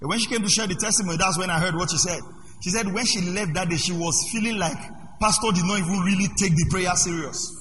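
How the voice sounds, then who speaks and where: High-voiced preacher in an echoey hall. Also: male voice, fast, slight background noise. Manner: swings from quiet asides to loud preaching shouts. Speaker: pastor. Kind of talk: sermon. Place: church hall. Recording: echoey hall with long reverb.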